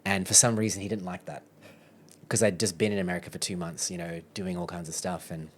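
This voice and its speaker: Low-voiced Australian man telling stories. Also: level tone, fast talker, a little hiss or hum. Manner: chatty, often quotes his own thoughts with "I'm like", laughs often. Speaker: podcast guest. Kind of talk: candid storytelling in conversation.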